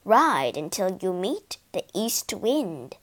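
A woman voicing an old crone with a low croaking voice in a storybook reading. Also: sing-song, slow pace, a bit bright, full character voice. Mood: gruff. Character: old female crone, gruff and knowing.

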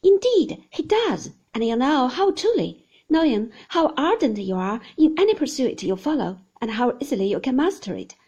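An earnest, admiring young man, eager and effusive in his praise, as a woman reads him. His lines rise and fall a great deal, in a high, breathy voice. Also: big pitch swings, normal speed, darkish tone, exaggerated voice, rough recording. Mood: exultant.

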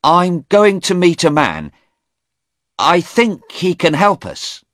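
A man voicing an agitated young man, talking in a high, strained, hurried way in an audiobook. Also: sing-song, a bit bright, no echo, clean studio sound, full character voice. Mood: flustered.

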